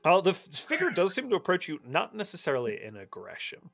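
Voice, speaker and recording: A man runs a tabletop game as its game master, narrating the scene in a loose, descriptive way with plenty of fillers. His voice is bright and lively. Faint music plays underneath. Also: sits high, fast, creaky. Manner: descriptive, laid-back narration with frequent fillers.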